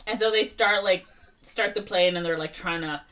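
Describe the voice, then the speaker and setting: A woman with a lowish voice talks through a movie's plot in a loose, rambling way, full of "like" and "um". She sits a little back from the mic, so her voice sounds slightly distant. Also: moderate pace, a bit bright. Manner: rambling, filler-heavy retelling with many "like" and "um". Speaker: podcast co-host. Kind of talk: casual movie recap.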